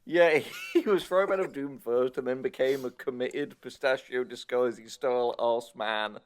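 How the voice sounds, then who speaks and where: A man's voice: mid-range voice, moderate pace. A man co-hosting a podcast in casual chat, full of teasing, crude banter. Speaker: podcast co-host.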